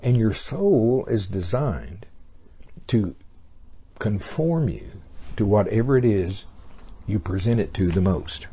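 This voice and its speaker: A man's voice: on the low side, lively intonation, slow pace, long pauses, warm tone, slightly rough. A man preaching a sermon in a folksy storytelling way, acting out little scenes as he goes. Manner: folksy storytelling, acts out characters.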